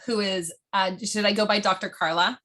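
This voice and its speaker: A woman's voice: medium pitch, fairly even intonation, moderate pace, bright, forceful tone. A middle-aged woman hosting an interview in a bubbly, chatty way, laughing often and rambling a little. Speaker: host. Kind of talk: casual interview chat.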